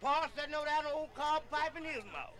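High, bright man spinning tall tales. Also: fast talker, low-quality recording. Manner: folksy, laughs often, repeats "yeah". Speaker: storyteller. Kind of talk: comic folk storytelling.

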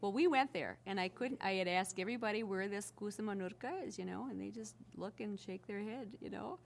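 This older woman's voice is medium in pitch, a little fast and creaky, with some hiss or hum in the background. An Iron Range native being interviewed for a casual oral history, she chats animatedly through stories and restarts often.

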